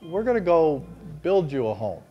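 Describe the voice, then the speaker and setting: A man voicing God as a patient, loving father, speaking calmly and reassuringly. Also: fairly high pitch, moderate pace, slightly rough, highs cut off, soft background music. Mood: gentle, fatherly.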